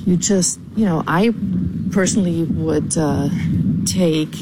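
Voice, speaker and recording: A woman calling in to a podcast with a recorded voicemail, speaking deliberately with frequent ums. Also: deep voice, heavy background noise. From California. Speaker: caller.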